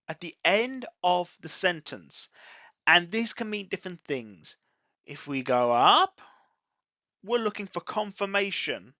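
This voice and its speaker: An English teacher giving a scripted online grammar lesson, deliberately acting out example sentences with exaggerated rising and falling intonation. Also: mid-range voice, very animated, sharp tone, dry recording. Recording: dull lo-fi audio, dry close sound.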